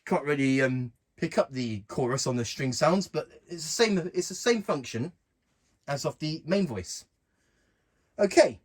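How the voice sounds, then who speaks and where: A man casually walking through keyboard functions in a relaxed, plain way, talking while he presses buttons. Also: on the high side, measured pace. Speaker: keyboard tutorial host. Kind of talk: casual instructional walkthrough.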